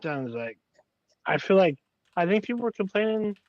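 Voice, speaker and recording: A man's voice: high-pitched, big pitch swings, normal speed, darkish tone. A man co-hosting a casual podcast, tossing in short, blunt reactions. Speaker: podcast co-host. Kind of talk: casual chat. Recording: dull lo-fi mic.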